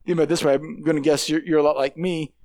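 Man, pastor, high voice, casual sermon, stammering restarts. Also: level tone, rapid-fire, darkish tone. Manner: conversational preaching with frequent restarts and stammered repeats.

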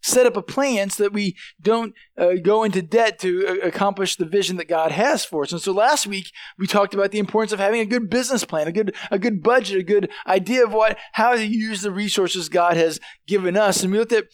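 A male pastor with a high-pitched voice, preaching in a loose, conversational way full of restarts. He often checks in with the congregation with quick questions. The sound is close and dry. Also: no room sound. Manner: halting, with many restarts and "right?" asides to the congregation. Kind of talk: sermon.

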